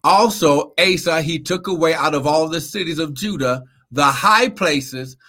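During a live Bible teaching, a man preaches animatedly, reading scripture, repeating words and asking for amens. His voice is on the high side and a little slow.

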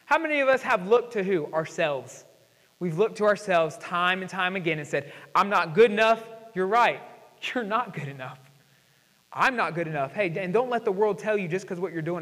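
A young man preaching a sermon as pastor, mixing slow emphatic scripture reading with slangy asides and rising, fervent stretches. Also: sits high, fairly bright tone. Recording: church hall with long reverb.

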